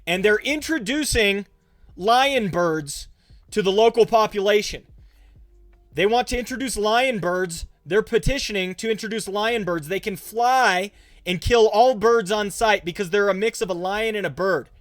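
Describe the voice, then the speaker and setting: A man's voice: sits high, measured pace, no room sound. A young man, a pastor, talking casually on a livestream and answering viewers' chat questions as he goes. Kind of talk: livestream Q&A talk.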